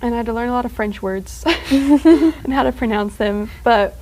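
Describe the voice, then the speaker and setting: A woman's voice: fairly high pitch, dark tone, low-quality recording. A teenage girl talking casually as a student guest, rambling with lots of fillers and small laughs. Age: teens. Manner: rambling, full of filler words and quick laughs. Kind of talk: casual chat.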